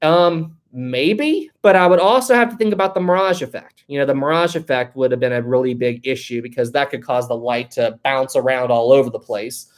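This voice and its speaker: A live-stream host chatting casually, reading out viewer comments, joking and laughing a lot, and thinking out loud. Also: mid-range voice, a little fast, hardly any pauses. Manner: thinks aloud, with many fillers and restarts.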